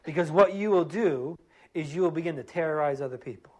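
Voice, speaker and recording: A man preaching a sermon as pastor, earnest and emphatic, driving points home with repeated phrases and easing into a quiet prayer. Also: on the high side, a little fast.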